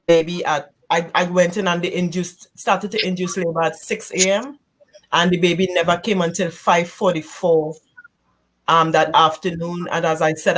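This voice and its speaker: A woman, a guest giving a candid personal testimony in a church couch conversation, halting and emotional. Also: lowish voice. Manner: halting, emotional, re-enacts quoted speech loudly.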